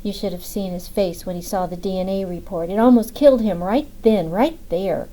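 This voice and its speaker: A woman's voice: medium pitch, normal speed, mellow, close to an everyday voice, low-quality recording. A woman voicing a grieving young woman federal agent in an audiobook, speaking tearfully and with raw emotion. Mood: bitter.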